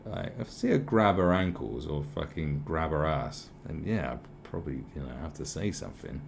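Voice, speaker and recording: A man's voice: very deep voice, lively intonation, moderate pace, gravelly, slight background noise. A man giving a sarcastic, sweary commentary rant, repeating mock-polite questions over and over. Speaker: video commentator. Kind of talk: ranting commentary.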